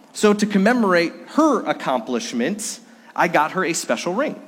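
Guy pastor preaching, kinda high voice, long church echo. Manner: earnest preaching with dramatic pauses. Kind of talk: sermon. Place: church sanctuary. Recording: live church service with long reverb.

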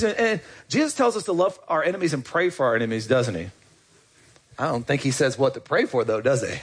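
A pastor delivers a sermon in a relaxed, conversational way, often asking the congregation questions. His voice sits a little high for a man, with a husky edge. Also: moderate pace, pauses often. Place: church.

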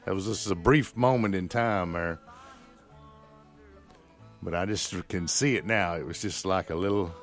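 A man hosting a small-town radio show speaks in a fairly low voice, drifting into folksy, rambling talk with plenty of fillers and restarts. Faint music plays softly beneath him on the broadcast. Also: unhurried, long pauses. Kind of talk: casual local radio chat. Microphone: studio microphone.

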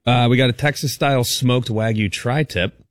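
A man's voice: mid-range voice, normal speed, dry recording, clean studio sound. A man, a regular on a radio show, reading out a menu in easygoing, joking banter. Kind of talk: casual studio banter.

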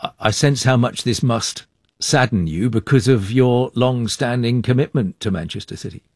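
A man hosting a radio discussion in a measured, formal way, introducing guests and posing questions. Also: mid-range voice, a little mellow, dry recording, studio quality. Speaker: radio presenter. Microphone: studio mic.

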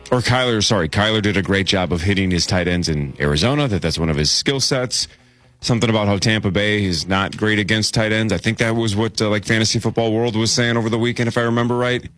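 A man co-hosting a sports talk show with relaxed, dry, wry remarks. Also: on the low side. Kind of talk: casual sports chat.

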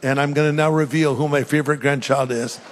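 A man's voice: fairly high pitch, fairly even intonation, fairly quick, a little hiss or hum. An older man preaching an earnest sermon as pastor, rising to fervent emphasis. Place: large church hall. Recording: long hall reverb.

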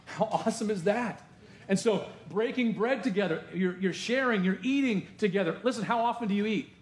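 A man pastor delivers a sermon in a church sanctuary, his voice sitting a little high for a man. He preaches in a chatty, conversational way, tossing asides to the congregation. The room around him is echoey. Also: fairly quick.

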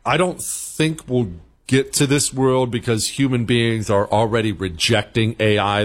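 A man hosting a talk show, telling stories in an animated way, with emphatic, repetitive phrasing and playful beeping sound effects. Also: lowish voice. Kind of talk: radio talk monologue.

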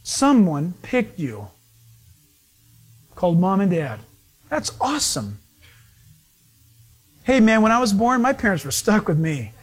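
A middle-aged male pastor with a high voice delivers a sermon full of storytelling. He is animated, laughs often and slips into the voices of the people he describes. His pitch runs well above most men's. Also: measured pace, long pauses, breathy edge.

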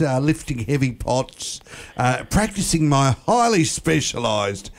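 A man's voice: mid-range voice, sing-song, measured pace. A man co-hosting a breakfast radio show, joking and playfully tripping over his words. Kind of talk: comedic radio banter.

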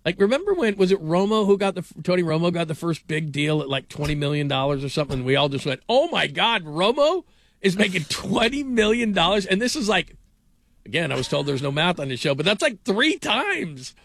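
A fast-talking middle-aged man with a fairly high voice hosts sports radio, with no room sound in the recording. He tells animated, meandering stories in casual talk, using lots of fillers.

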